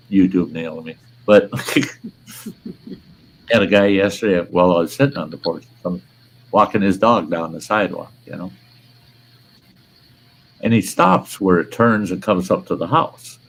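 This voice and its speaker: A man's voice: sits low, poor audio. Blunt, profane older male host. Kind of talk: casual livestream chat.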